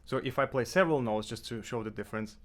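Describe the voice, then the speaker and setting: Over loud music, a medium-pitched man talks at a quick pace, teaching clarinet in a casual tutorial at his apartment. He's easygoing, with many fillers and self-corrections.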